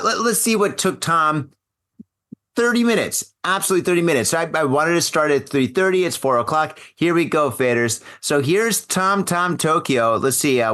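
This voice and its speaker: A man's voice: a little high, fairly bright tone. A middle-aged man hosting a casual live podcast over a video call, rambling, joking and repeating himself. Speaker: podcast host.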